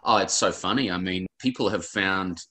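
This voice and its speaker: A man's voice: deep voice, moderate pace, bright, forceful tone. A man in his forties with an Australian accent, an author telling personal stories in an interview in an earnest, rambling, emotional way. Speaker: author guest. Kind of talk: interview conversation.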